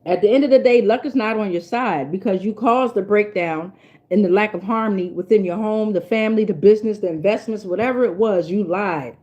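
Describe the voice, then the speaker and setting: A woman's voice: medium pitch, brisk, darkish tone, dull audio. A woman giving a casual spiritual tarot reading in a blunt, profane and preachy way, repeating lines for emphasis. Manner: emphatic, repeats herself for weight. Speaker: tarot reader.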